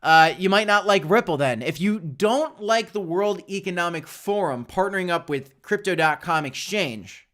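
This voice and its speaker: With a high-pitched, fairly bright voice and lively intonation, a man runs a live crypto stream at a moderate pace with few pauses. He talks straight to his viewers in casual, opinionated commentary, often restarting and correcting himself.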